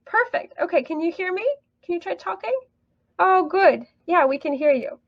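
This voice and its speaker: A woman's voice: very high voice, animated, normal speed, dry recording, dull audio. A woman teaching an online English lesson, upbeat and encouraging, praising students often.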